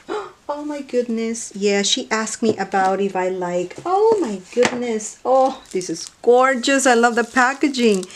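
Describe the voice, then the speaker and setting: Gushing woman unboxing crafts, soft asides. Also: a little high, slight background noise. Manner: gushing, exclaiming over each item; often drops to a soft near-whisper. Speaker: craft vlogger unboxing mail. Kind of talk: casual unboxing chat. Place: indoors at night.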